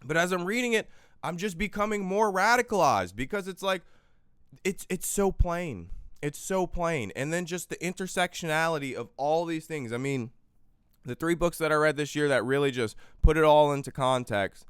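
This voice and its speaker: A man's voice: on the high side, animated, moderate pace, clean tone, no echo, studio quality. Fiery, profane man ranting on a livestream. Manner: swings between quiet weariness and loud fiery outbursts, profane. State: tired, exhausted. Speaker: livestream host. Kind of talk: impassioned political livestream rant. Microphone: close microphone.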